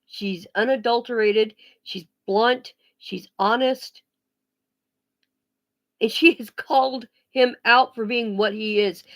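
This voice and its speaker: Slow-talking lady venting on her vlog, kinda high voice, blunt, swears a lot, lots of stops and restarts. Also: steady tone. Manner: blunt, profane, emphatic; halting restarts and pauses. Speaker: vlogger. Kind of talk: casual vlog rant.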